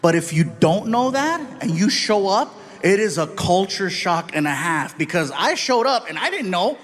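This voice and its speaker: A male stand-up comedian tells stories in a high, lively voice. He is animated and slips into characters as he goes, with faint noise behind him. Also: normal speed. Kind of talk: stand-up storytelling.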